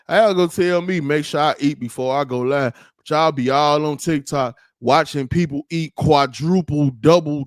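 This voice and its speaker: A man hosting his own livestream, ranting in a loose, slangy, rambling way with plenty of animated asides. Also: fairly high pitch, dry recording, studio quality. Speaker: livestream host. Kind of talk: casual livestream rant.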